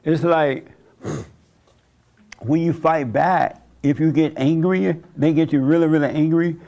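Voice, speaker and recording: A man delivers a sermon in a loose, talky way, stopping to chuckle and act out the voices of people he quotes. His voice sits a bit high for a man and carries a gravelly edge. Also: slow, mellow, lo-fi sound. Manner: conversational preaching, chuckling, acting out quoted voices. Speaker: pastor.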